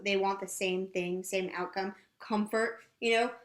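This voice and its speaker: A woman's voice: medium pitch, fairly even intonation, measured pace, reverberant. A woman co-hosting a TV review podcast, leading the discussion in a thoughtful, casual way. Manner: thoughtful, hesitant restarts, leads the topics. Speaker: podcast co-host.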